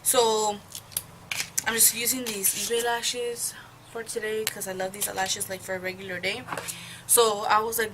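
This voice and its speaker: Against a noisy background, a young adult woman speaks at a measured pace with a flat, medium-pitched delivery. She does her makeup at home in a casual get-ready-with-me chat, spinning a rambling, gossip-heavy story laced with profanity, as beauty vloggers do.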